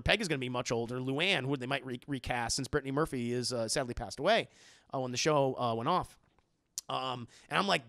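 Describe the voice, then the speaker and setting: A man's voice: fairly high pitch, gravelly, bright, forceful tone, dry recording, clean studio sound. A young man streaming and chatting casually with his viewers, rambling, laughing often and swearing. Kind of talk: casual chat with live chat.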